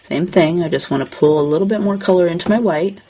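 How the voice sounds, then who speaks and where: A woman hosting a craft tutorial, calmly narrating each coloring step as she works. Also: on the low side, fast talker, husky, poor audio.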